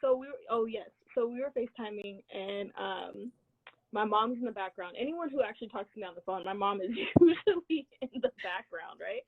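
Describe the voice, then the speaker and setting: A young woman from the United States, co-hosting a casual chat and telling a story in a lively way, laughing often. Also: mid-range voice, fairly quick. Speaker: co-host. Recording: tinny phone-like line.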